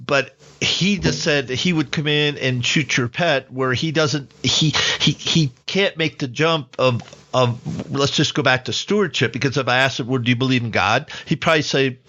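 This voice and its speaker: An older man, host of the podcast, talking in casual chat and pausing as he searches for his words. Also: medium pitch, sharp tone. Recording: dull lo-fi sound.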